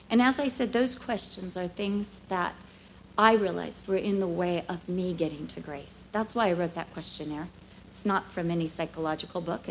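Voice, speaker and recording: A middle-aged woman preaching a sermon, expressive, acting out voices and dropping to hushed asides. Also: medium pitch, creaky, slight background noise. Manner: expressive, acts out dialogue, drops to hushed asides.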